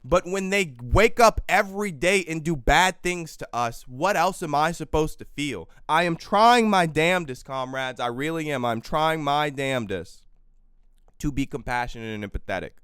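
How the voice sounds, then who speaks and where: A man hosting a political livestream, tired and exhausted, swinging between quiet weary stretches and loud profane outbursts into a close microphone. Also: fairly high pitch, clear, resonant tone, no room sound. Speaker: livestream host. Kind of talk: impassioned political livestream rant.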